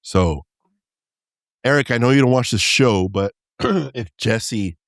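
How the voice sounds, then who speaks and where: A man's voice: mid-range voice, no echo, clean studio sound. A man co-hosting a casual podcast, playful and joking as he steers the talk. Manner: playful, joking, quick to laugh. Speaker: podcast co-host.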